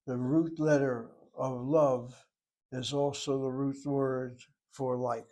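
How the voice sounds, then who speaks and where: A man's voice: mid-range voice, level tone, slow pace, darkish tone. Man lecturing on Hebrew grammar. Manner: explanatory, spells out grammar step by step. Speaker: Hebrew teacher. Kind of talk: classroom lecture.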